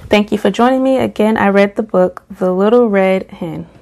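A woman reading a children's picture book aloud at a slow, gentle pace. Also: medium pitch, creaky, slight background noise. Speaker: storybook reader.

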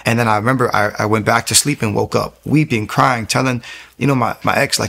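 A man's voice: medium pitch, fast, gravelly, pushed and bright. A young man giving a candid, earnest personal testimony, often stopping and restarting his sentences.

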